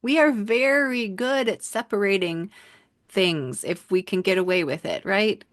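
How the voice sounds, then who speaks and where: A woman co-hosting a podcast, talking frankly and with lots of swearing in a casual, animated chat. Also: mid-range voice, measured pace, no room sound, studio quality. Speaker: podcast co-host.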